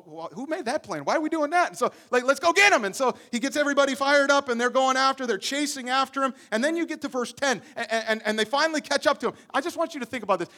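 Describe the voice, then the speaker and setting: Guy with a really high voice preaching, animated storytelling, stumbles and repeats words a lot. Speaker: pastor. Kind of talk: sermon.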